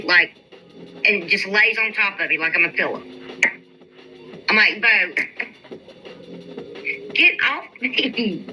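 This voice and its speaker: A woman's voice: on the high side, bright, forceful tone, dull audio. A woman chatting casually on a livestream, answering viewers' comments and venting with a profane, exasperated drawl. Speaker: YouTube live streamer. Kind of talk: casual live-stream chat reading viewer comments.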